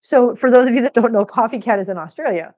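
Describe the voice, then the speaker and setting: A woman's voice: on the high side, fast talker, a little mellow, lo-fi sound. A woman from Missouri hosting a casual livestream from home on a laptop mic, chatting and rambling and cooing baby talk to her cats. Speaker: cat channel host. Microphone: laptop microphone.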